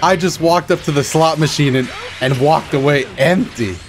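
A man giving excited, self-mocking commentary over his own fighting-game matches, groaning at losses and cheering at wins. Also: fairly high pitch, moderate pace. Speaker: gaming channel host. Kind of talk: live gameplay commentary. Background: game music and sound effects.

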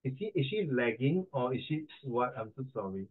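A Singaporean English pronunciation tutor coaches an online class via a tinny video call. His mid-range voice swings widely in pitch at a moderate pace, and he's chatty and teasing, mixing in Mandarin.

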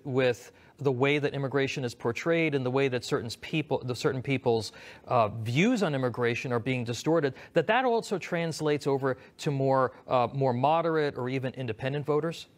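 A man hosting an interview, asking long, winding questions with restarts. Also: mid-range voice. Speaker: interviewer host. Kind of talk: TV news interview.

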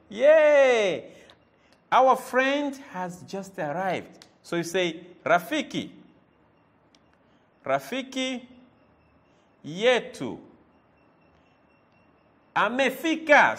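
A man with a high, fairly bright voice gives a lively spoken language lesson, repeating words and quizzing the listener with "eh?" as he goes.

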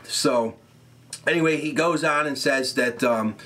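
A young man casually recapping a wrestling show, animated and rambling, swearing often and laughing at his own remarks. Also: medium pitch, a little slow, a little hiss or hum.

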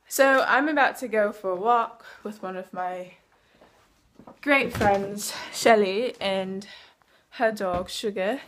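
A woman's voice: medium pitch, a little hiss or hum. Young woman rambling in a put-on British accent. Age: young adult. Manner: rambling, many fillers. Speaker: vlogger. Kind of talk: casual vlog talk. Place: in her car.

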